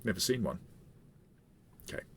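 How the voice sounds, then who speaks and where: A man running a tabletop game as game master, narrating in a halting way with frequent fillers. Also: a little hiss or hum. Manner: halting, with many fillers and restarts.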